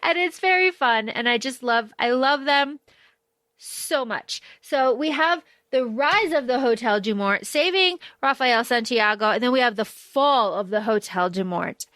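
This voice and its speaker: A woman co-hosting a podcast, chatting casually and gushing about a book, quoting characters in quick bursts. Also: fairly high pitch, expressive, a bit bright, no room sound. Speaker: podcast co-host. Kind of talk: casual book discussion chat.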